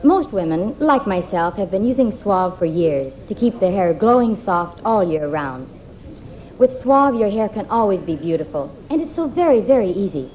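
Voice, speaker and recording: A woman delivers a live TV commercial in a persuasive, upbeat sales pitch. Her pitch swings widely as she stresses the selling points. The sound is dull and muffled, with a faint hiss behind it. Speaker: commercial presenter. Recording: dull off-air TV recording.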